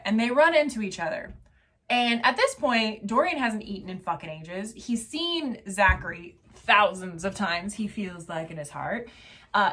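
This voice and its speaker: A tipsy woman giving a rambling, profane, excitable recap of a novel's plot as a casual book reviewer. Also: mid-range voice.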